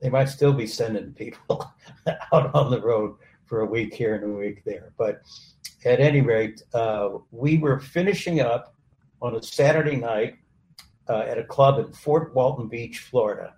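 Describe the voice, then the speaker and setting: A male host and musician sharing a story in casual conversation, halting and full of pauses. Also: mid-range voice. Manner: relaxed, halting, with many "uh" pauses. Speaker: host, also a touring musician. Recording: roomy sound with faint background noise.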